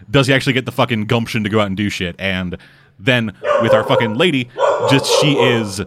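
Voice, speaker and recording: A man co-hosting a casual chat, swearing freely and acting out quick character voices. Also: medium pitch, fairly bright tone, no room sound. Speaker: podcast co-host.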